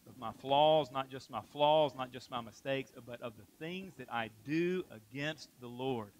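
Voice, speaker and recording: A man's voice: mid-range voice, normal speed, a little hiss or hum, low-quality recording. A man preaching a sermon to his church, emphatic, repeating phrases and asking rhetorical questions. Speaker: pastor.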